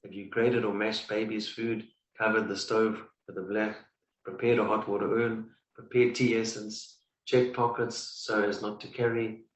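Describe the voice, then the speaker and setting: A man reading aloud from a book in a study session, halting with restarts. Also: fairly low pitch, level tone, reverberant, far from the mic, rough recording. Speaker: study partner.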